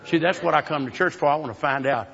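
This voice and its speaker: A man's voice: on the high side, quick pace, gravelly, highs cut off, a crowd in the background. Chuckling folksy older man preaching. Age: 70s. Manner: folksy, chuckling, calls out to the congregation. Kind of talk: sermon.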